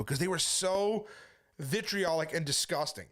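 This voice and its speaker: A man who is a street preacher, briskly telling a story to his viewers and quoting the back-and-forth as he goes. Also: sits high, lively intonation, a bit bright. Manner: brisk retelling full of quoted back-and-forth. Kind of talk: casual storytelling monologue.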